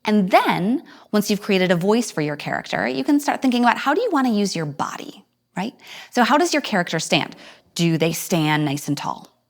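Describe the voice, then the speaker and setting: A woman teaching an acting lesson to viewers at home, acting out each voice as she explains it and leaping suddenly high or low. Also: very animated, normal speed.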